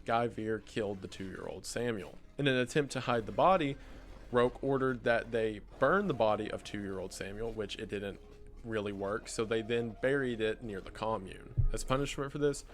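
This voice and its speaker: A man narrating a documentary video from a script, in a steady, measured storytelling manner. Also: on the low side.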